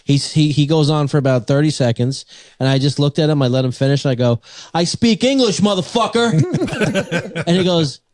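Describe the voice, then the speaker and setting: A man's voice: a little high, moderate pace, a little mellow, no room sound, studio quality. A man in his forties co-hosting a podcast, telling a story in a profane, laughing way. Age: 40s. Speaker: podcast co-host. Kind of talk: casual chat.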